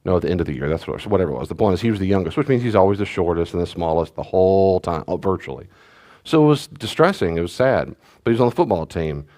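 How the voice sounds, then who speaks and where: A middle-aged pastor gives a sermon-style teaching talk, rambling conversationally with restarts and asides. His voice sits low and mellow, with lively intonation and a quick pace.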